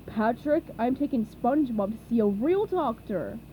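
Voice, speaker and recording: Sandy, a firm brisk squirrel, voiced by a woman. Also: on the high side, lively intonation, lo-fi sound, slight background noise, natural voice. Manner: firm and loud. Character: brisk, no-nonsense female squirrel. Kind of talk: storybook reading.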